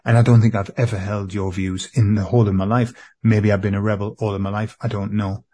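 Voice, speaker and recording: A man in a therapy session, speaking earnestly to an empty chair with halting, repeated phrases. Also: lowish voice, level tone, warm tone. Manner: earnest, repetitive, halting with restarts. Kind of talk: emotional spoken address to an empty chair.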